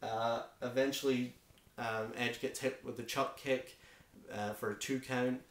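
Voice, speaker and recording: A Scottish man talks through a wrestling show in a loose, opinionated review, gushing over what he likes and scoffing at what he doesn't. His speech is peppered with ums and restarts. The room around him rings with noticeable echo, and his pitch sits in an ordinary middle range. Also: fairly even intonation, measured pace. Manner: opinionated, enthusiastic, frequent ums. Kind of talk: casual spoken review. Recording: echoey room.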